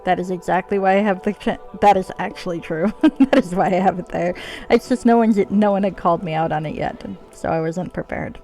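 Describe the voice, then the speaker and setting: A woman's voice: on the low side, a little fast, mellow, soft background music. A woman streaming a video game, chatting casually in a playful, joking way and swearing freely. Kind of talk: casual gameplay commentary.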